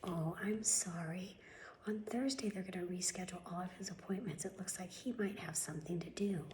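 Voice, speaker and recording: A woman's voice: lowish voice, slight background noise, lightly acted. A woman whispering as a syrupy polite receptionist. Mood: sugary, mocking. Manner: breathy soft mocking whisper, slow and syrupy. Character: overly polite female medical office receptionist. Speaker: vlogger doing a mocking impression. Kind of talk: whispered role-play.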